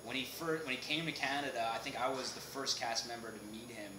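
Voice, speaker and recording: A man being interviewed as an actor on a film set, animated, laughing often and restarting sentences. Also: mid-range voice, fast. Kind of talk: casual interview chat. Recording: echoey noisy room.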